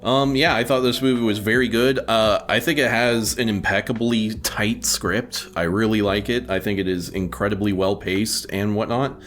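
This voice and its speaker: A man's voice: fairly low pitch, steady tone, moderate pace, hardly any pauses, a bit bright, soft background music. A man co-hosting a podcast in casual chat, speaking hesitantly with many fillers and dry jokes. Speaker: podcast co-host. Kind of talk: casual movie review chat.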